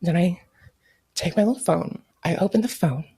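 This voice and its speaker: A young woman telling stories as an interview guest in casual chat, animated, laughing often and swearing freely. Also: lowish voice, normal speed, slightly rough. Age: young adult.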